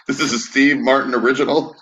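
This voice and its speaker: A man's voice: medium pitch, fairly even intonation, quick pace, fairly bright tone. A man co-hosting a podcast, tossing in dry, teasing questions. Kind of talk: casual banter. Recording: dull lo-fi mic with faint hiss.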